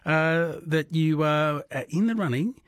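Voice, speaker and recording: Man, radio quiz host, conversational, somewhat high voice, dry studio mic. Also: unhurried, no echo. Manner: chatty, friendly and conversational, with fillers. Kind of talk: casual radio talk and quiz. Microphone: studio microphone.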